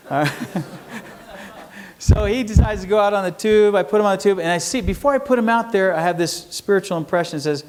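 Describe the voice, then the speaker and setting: A man's voice: high voice, a little fast. A middle-aged man giving a talk to students, telling homespun stories and putting questions to the audience. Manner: folksy storytelling, asks the audience questions. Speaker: entrepreneur speaker. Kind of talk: lecture to students. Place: university lecture hall.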